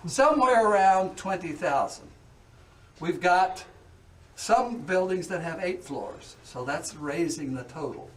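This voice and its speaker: A man's voice: sits high, expressive, measured pace. A man leading a distillery tour for a group, folksy and chatty, often checking in with the listeners. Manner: folksy, checks in with "okay?" and "all right?". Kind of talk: guided tour talk to a group. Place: distillery warehouse and tasting room. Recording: distant and noisy tour recording.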